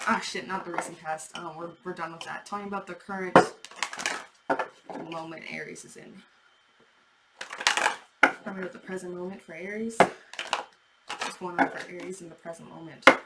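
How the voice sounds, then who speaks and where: A woman's voice: fairly low pitch, normal speed, pauses often, very noisy. A woman giving a casual tarot reading, chatty and thinking aloud, with the odd swear word. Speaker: tarot reader.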